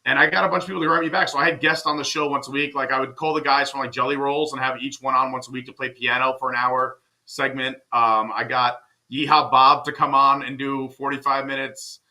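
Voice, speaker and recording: Man, podcast guest, casual chat, quick talker, bright tense voice. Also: mid-range voice. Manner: fast, animated storyteller.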